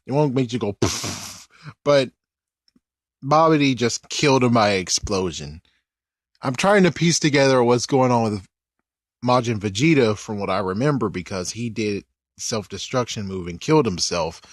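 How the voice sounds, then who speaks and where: Recorded with studio quality and no room sound, a man with a medium-pitched voice and moderate pace chats loosely about an anime episode. His commentary is rambling and animated, full of mid-sentence self-corrections.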